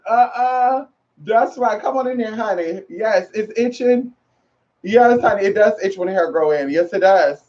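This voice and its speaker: A woman speaking at normal speed in a darkish, mid-range voice talks casually to camera, using sassy slang, calling her audience girl and honey, and repeating phrases for emphasis. The audio is muffled and lo-fi.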